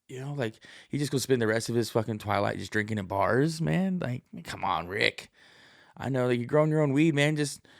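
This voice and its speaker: Male podcast host, 30s, low gravelly voice, close dry sound, loose profane rambling monologue. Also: dry recording. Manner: profane, jokey, puts on high voices to act out stories.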